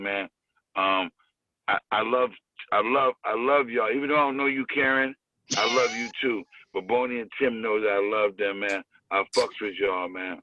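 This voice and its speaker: A man's voice: fairly low pitch, dry recording. Male guest comic, rambling slangy talker, dry phone-line sound. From Springfield, Massachusetts. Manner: slangy, rambling, repeats himself. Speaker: guest comedian calling in. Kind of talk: casual chat.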